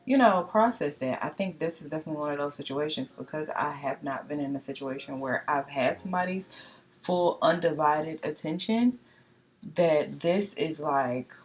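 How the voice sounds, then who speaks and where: A woman's voice: low voice, moderate pace, slight background noise. A young woman chatting and confiding in her viewers while doing her makeup. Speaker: beauty vlogger.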